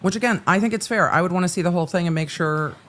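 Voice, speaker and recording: A woman's voice: fairly low pitch, racing, fairly bright tone, slight background noise. A woman giving live commentary over courtroom footage, pointed and talking over the proceedings. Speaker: legal commentator.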